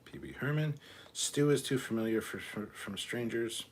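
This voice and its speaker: A man running a casual livestream reads viewer comments aloud and answers offhandedly, swearing now and then. He speaks at a medium pitch and normal speed.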